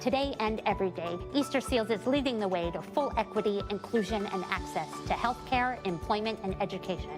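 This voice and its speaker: A woman delivering a scripted advertisement as spokesperson, earnest and measured. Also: medium pitch, over music. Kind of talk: scripted ad narration.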